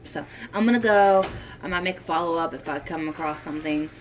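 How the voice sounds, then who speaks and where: A young woman chatting casually in a vlog, her voice sitting a little low for a woman. She rambles, circles back and fills gaps with ums and likes. A faint background noise runs under the recording. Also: brisk. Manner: chatty, rambling, with many fillers and restarts. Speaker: vlogger.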